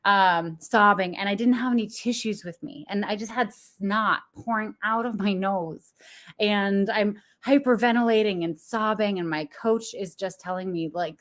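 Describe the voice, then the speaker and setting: A young adult woman who works as a business coach speaks to viewers in a mid-range, slightly bright voice at a normal pace. Her motivational talk is candid and confessional, and she laughs often.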